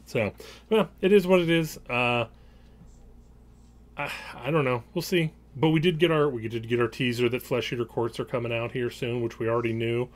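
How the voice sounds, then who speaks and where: A man's voice: mid-range voice, fairly even intonation, moderate pace. A man hosting a podcast in casual chat, rambling through his points and laughing often. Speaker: podcast host.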